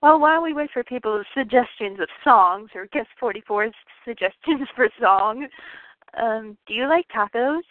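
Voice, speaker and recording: A woman's voice: a little high, expressive, moderate pace, dry recording. A woman with a Michigan accent interviewing a guest, giggling as she reads out viewer questions over a call. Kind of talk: casual online interview. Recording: dry tinny phone-like call audio.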